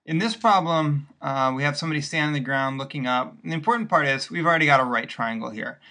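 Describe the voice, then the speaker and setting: A man's voice: fairly high pitch, fast talker, bright, forceful tone. A male math teacher walking patiently through worked examples in a recorded lesson, step by step with occasional fillers.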